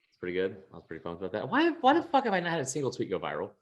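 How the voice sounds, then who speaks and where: The audio is dull as a young man co-hosting a sports podcast fires off casual chatter in a fairly low voice with huge pitch swings. He rambles, swears a lot, restarts frequently, and laughs at himself.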